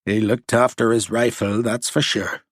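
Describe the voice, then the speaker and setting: A man's voice: on the low side, fairly even intonation, normal speed, slightly rough, no room sound, clean studio sound. A man voicing a burly, very tall Irish soldier who speaks bluntly with an Irish accent. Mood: gruff.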